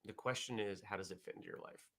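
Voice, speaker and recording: A man hosting a casual morning vlog show, chatting in a relaxed, rambling way as he reads viewer comments. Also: fairly low pitch, fast talker, slight background noise.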